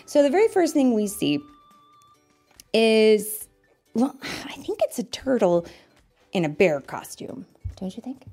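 A woman reading a children's story aloud in a playful, animated way, asking her listeners questions. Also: fairly high pitch, unhurried, long pauses, soft background music.

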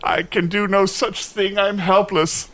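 A man's voice: medium pitch, expressive, moderate pace, sharp tone. A man voicing an earnest, gullible knight who cannot recognize faces, speaking in formal, old-fashioned courtly phrases during improvised tabletop role-play. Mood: forlorn.

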